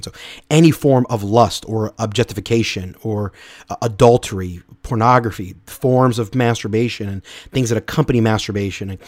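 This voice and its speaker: A male podcast host gives an earnest, unscripted Bible teaching talk, frequently restarting and repeating words. His lowish, darkish voice is captured in clean studio sound with no echo.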